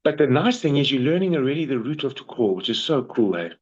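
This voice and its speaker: A man's voice: mid-range voice, fast, muffled recording. Slangy South African male Spanish tutor. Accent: South African English. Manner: slangy and animated, calls people bro. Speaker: Spanish teacher. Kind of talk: casual one-on-one tutoring.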